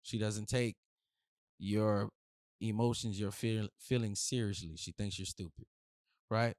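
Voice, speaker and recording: A man's voice: on the low side, steady tone, a little slow, darkish tone, no echo. Blunt slangy man giving dating advice. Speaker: relationship advice host. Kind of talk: casual advice monologue.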